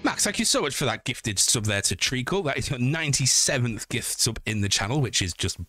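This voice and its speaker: A man's voice: mid-range voice, sing-song, fairly quick, bright, forceful tone, soft background music. A man chatting casually on a livestream, joking and swearing as he talks to his viewers.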